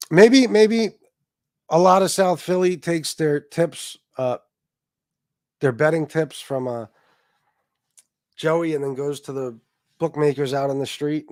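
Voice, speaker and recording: A man's voice: a little high, a little mellow, no room sound, studio quality. A man hosting a casual livestream with a stuffed-up nose, rambling, swearing and reading viewers' chat comments aloud. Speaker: livestream host.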